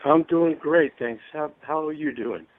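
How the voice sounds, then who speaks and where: A man's voice: fairly high pitch, dry recording. Friendly male guest on a phone line. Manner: friendly, halting with restarts. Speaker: guest actor. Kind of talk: casual interview chat. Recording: tinny phone-line audio.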